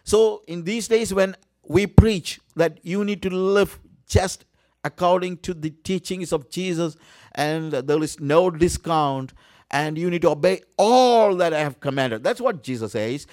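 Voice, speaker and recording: Guy preaching slow and deliberate, keeps repeating words for emphasis. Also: high voice, a little mellow, no room sound, clean studio sound. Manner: earnest, repeats key words for emphasis, frequent uh fillers. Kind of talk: sermon.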